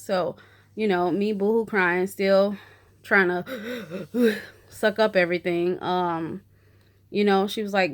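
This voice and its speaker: A woman's voice: mid-range voice, fairly even intonation, takes it slowly, long pauses. Chatty, emotional woman vlogger. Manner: chatty and candid, full of 'you know' and 'like'; emotional, talks openly through her feelings. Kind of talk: casual personal video update.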